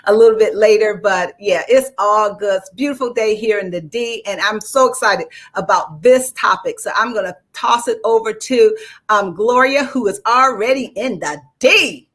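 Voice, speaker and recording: A woman co-hosting a casual radio chat, animated and chatty, quick to laugh at herself. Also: mid-range voice. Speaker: co-host.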